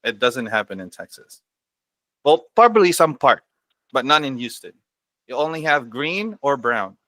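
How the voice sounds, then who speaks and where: A man's voice: medium pitch, very animated, moderate pace, bright, forceful tone, dry recording. A man from the US East Coast, a guest on a radio show, chatting casually with small grammar slips. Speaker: guest vlogger. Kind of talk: casual chat.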